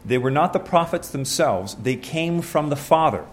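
A man's voice: a little high, lively intonation, normal speed, a little hiss or hum. A man preaching a sermon, reading scripture aloud and asking his listeners questions in an earnest, conversational way.

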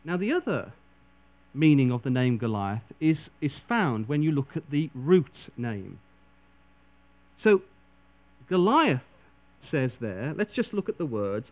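Dramatic, animated preacher man. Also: measured pace, long pauses. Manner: dramatic, voices quoted figures with big swings in pitch and loudness. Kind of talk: sermon. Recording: dull lo-fi recording with mains hum.

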